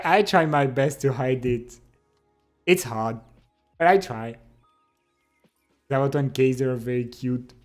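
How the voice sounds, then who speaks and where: A young man with a French accent, a live streamer chatting casually and reading comments, laughing often and teasing playfully. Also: medium pitch. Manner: laughs often, playful and teasing, speaks English with pauses and restarts. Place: home streaming setup.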